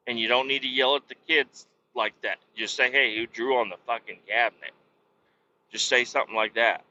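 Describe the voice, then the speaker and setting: A man's voice: mid-range voice, bright, forceful tone. A man driving a truck and vlogging from the cab, rambling about family and swearing at his sluggish truck. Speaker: truck driver. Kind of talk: casual vlog while driving. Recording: dull lo-fi sound.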